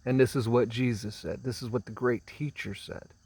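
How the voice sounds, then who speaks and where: A man giving a spiritual teaching talk, speaking slowly and emphatically, drawing out and repeating words and often clearing his throat. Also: mid-range voice, fairly even intonation, a little mellow, no echo. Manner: slow, emphatic, drawn-out phrasing with repeated words.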